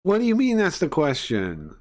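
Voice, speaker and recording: A man's voice: on the high side, wildly swooping pitch, moderate pace, a little mellow. A man streaming live, reacting to a video with sarcastic, mocking rants. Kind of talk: casual live-stream commentary.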